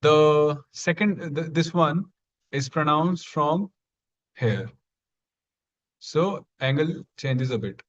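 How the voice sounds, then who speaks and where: A man's voice: fairly high pitch, slow pace, pauses often. A man teaching Sanskrit pronunciation in an online class, patient and repeating each sound for students to copy. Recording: dull lo-fi sound.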